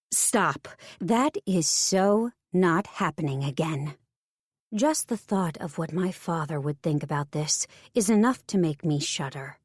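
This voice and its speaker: Low-voiced woman narrating a romance. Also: darkish tone, no echo, studio quality. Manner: wry, self-mocking inner monologue. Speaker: audiobook narrator. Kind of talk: scripted first-person romance narration.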